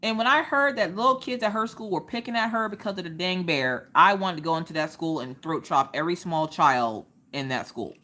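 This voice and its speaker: A woman, hosting a casual craft livestream chat and telling stories in an animated way. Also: lowish voice, brisk, few pauses. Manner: animated storytelling, acts out quoted voices.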